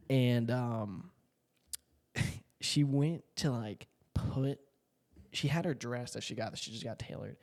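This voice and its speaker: A young man from Puerto Rico riffs casually to the camera, swearing and piling on fillers and asides. His voice has a gravelly, fried texture at a middle pitch. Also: darkish tone, in a large hall. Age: 20s. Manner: slangy, profane, full of fillers and asides. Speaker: content creator. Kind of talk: casual rambling monologue.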